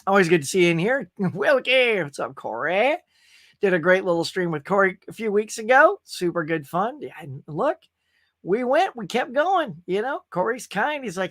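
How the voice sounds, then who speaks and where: A man's voice: high-pitched, very animated, moderate pace, fairly bright tone. A middle-aged man hosting a casual live stream, chatty and upbeat as he reads out viewers' comments. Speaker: host.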